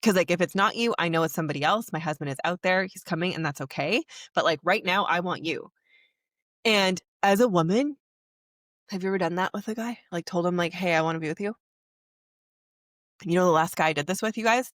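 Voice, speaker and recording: A young woman hosting a podcast tells an emotional personal story, candid and rambling, using "like" heavily. Her voice is on the low side and fairly bright, and she talks a little fast. The recording is dry with a clean studio sound.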